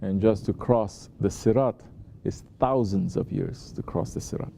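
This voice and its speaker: A man, a sheikh, giving an unhurried sermon and often checking in with his listeners with rhetorical questions. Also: fairly low pitch, gravelly, mellow, slight background noise. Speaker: sheikh giving a talk at a Sufi lodge.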